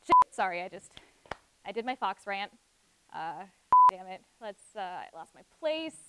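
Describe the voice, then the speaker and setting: A woman hosting a live comedy show, ranting and animated. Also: medium pitch, a little slow, very noisy. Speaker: show host.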